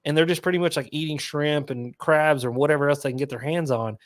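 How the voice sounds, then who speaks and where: A man on a podcast as a guest angler, chatting casually and excitedly, full of "like" fillers. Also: fairly high pitch, fast, no echo, clean studio sound.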